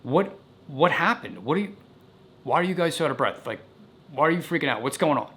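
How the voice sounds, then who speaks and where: A man's voice: fairly high pitch, lively intonation, a little fast, fairly bright tone, pitched above the performer's own voice. A man voicing a stern middle-aged father demanding to know what happened, in an urgent, questioning way. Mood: alarmed.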